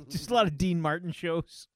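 A man with a slightly raised voice chatting as a podcast co-host. He trades dry, deadpan jokes. The sound is dry and close. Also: a little high, measured pace, no room sound. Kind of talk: casual chat.

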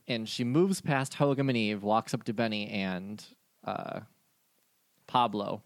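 A man narrates a tabletop game as game master, loose and hesitant, with frequent fillers. His voice is mid-pitched and the recording is close and dry. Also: measured pace, no room sound.

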